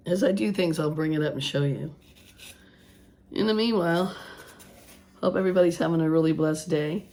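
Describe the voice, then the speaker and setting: Hoarse low-voiced woman. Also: moderate pace, mellow. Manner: rambling, thinking aloud with restarts; earnest preaching about faith. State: hoarse, voice still gone after illness. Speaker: craft vlogger. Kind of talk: casual craft vlog talk.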